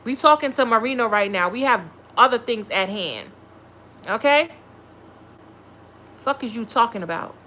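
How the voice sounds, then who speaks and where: A woman's voice: fairly high pitch, expressive, normal speed, long pauses, pushed and bright, a little hiss or hum. A woman giving a blunt, profane, scolding tarot reading on a live stream. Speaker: tarot reader.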